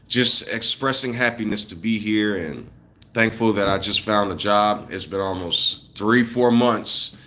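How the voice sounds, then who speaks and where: A man's voice: medium pitch, expressive, moderate pace, pushed and bright. A man in his thirties from the United States, ranting casually to viewers in a loose, slangy, blunt way. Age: 30s.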